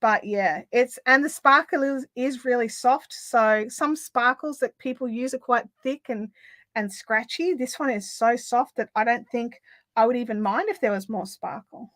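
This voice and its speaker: Middle-aged Australian woman, livestream host; bright, lively, casual, dry close mic. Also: a little high, normal speed, no room sound. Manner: chatty, lots of fillers, laughs easily. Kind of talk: casual chat, reading viewer comments.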